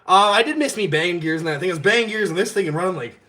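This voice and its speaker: Brief: male stream host, high, bright voice, profane, heated, rambling rant. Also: rapid-fire. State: drinking. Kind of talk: casual live-stream rant.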